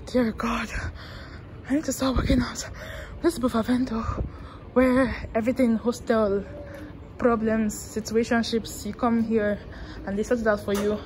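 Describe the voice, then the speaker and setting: A woman's voice: a little high, level tone, unhurried, noisy background. Chatty young woman on a walking campus tour. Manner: chatty, self-mocking, talks to viewers while walking. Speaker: vlogger giving a campus tour. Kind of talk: casual walking vlog. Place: outdoors on a university campus.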